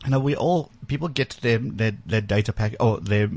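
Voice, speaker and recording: A man with a fairly low, slightly mellow voice speaks at a normal speed, recorded on a studio microphone. He's hosting a tech radio talk show in the studio, keeping things chatty and loose with lots of fillers and restarts.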